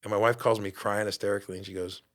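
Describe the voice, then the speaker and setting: A man in his fifties, a podcast host and fitness coach, giving an animated motivational monologue and acting out quoted voices. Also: fairly low pitch, rapid-fire.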